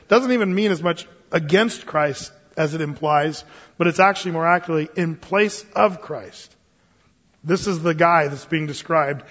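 High-voiced joking pastor in a hall. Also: male voice. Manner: casual, joking, digressive, lively storytelling. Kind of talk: sermon, verse-by-verse Bible teaching. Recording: dull sound with long reverb.

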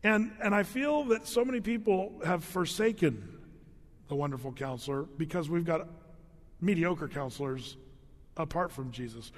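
A man's voice: fairly high pitch, lively intonation, moderate pace, big-room sound. A middle-aged man preaching a conversational sermon as pastor, with joking asides and repeated words.

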